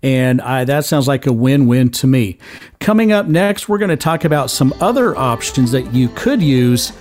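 A man's voice: medium pitch, animated, moderate pace, darkish tone, faint music behind. A middle-aged man hosting a talk radio show, giving advice in a loose, chatty way with many fillers and restarts.

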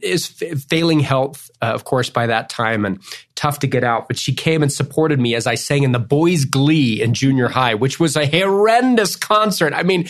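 A man's voice: mid-range voice, moderate pace. Earnest, weepy man telling stories. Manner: tearful, tangent-prone, earnest. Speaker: cellist guest on a faith podcast. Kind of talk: emotional interview storytelling.

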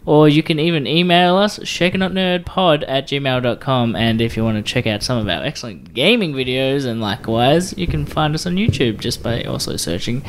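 A man's voice: mid-range voice, expressive, normal speed, few pauses. A man co-hosting a casual podcast, playful as he reads out the show's plugs. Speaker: podcast co-host.

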